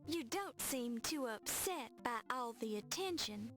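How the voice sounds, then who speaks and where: An actress playing a prim, sharp-tongued young woman in an old adventure game, speaking dryly. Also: fairly high pitch, lively intonation, unhurried, music in the background. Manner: dry, cool and sarcastic.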